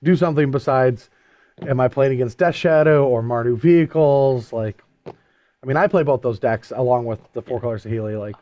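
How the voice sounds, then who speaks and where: A man co-hosting a casual post-match chat, animated and quick to laugh. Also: medium pitch, dry recording, dull audio. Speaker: co-host.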